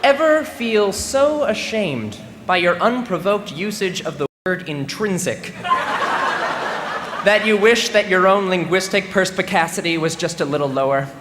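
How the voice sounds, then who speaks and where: His voice is high-pitched, expressive, and a little slow. The twenty-something graduate plays his comic ceremony speech mock-seriously as laughter rises from the crowd, in a big, echoing venue where faint background noise can be heard.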